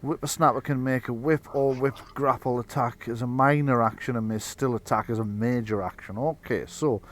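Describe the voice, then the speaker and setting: A man's voice: medium pitch, steady tone, normal speed, a little hiss or hum. A man running a tabletop role-playing game as game master, narrating with sound effects and frequent laughs.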